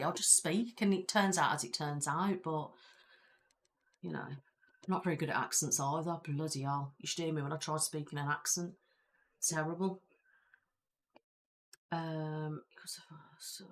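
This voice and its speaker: A woman with a British accent, hosting a casual live-stream chat, rambling and reading viewer comments aloud from her chair at home. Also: deep voice. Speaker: ASMR channel host.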